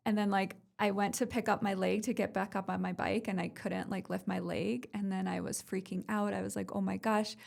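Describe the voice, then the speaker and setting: A woman hosting a podcast, telling a personal story in a chatty way and often cutting in with quick affirmations. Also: mid-range voice, little pitch movement, creaky, a little mellow. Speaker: podcast host. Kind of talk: casual conversational podcast.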